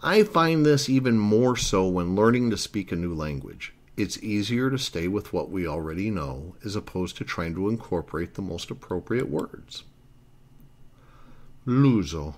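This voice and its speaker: A man's voice: sits low, lively intonation, moderate pace, hardly any pauses. A man narrating a language lesson, explaining grammar earnestly and step by step. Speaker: Italian language teacher.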